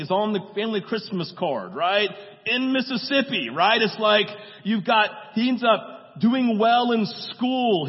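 A man with a high voice preaches a sermon in a relaxed, conversational way, often checking in with the congregation and briefly voicing scenes he retells. His voice rings with a long hall echo. The sound is dull and muffled. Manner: acts out movie dialogue in quick voices. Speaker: pastor.

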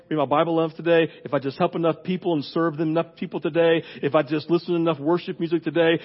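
Husky high-voiced pastor preaching. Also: male voice, lo-fi sound. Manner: animated, casual preaching with many fillers; pitch leaps up when fired up. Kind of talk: conversational sermon.

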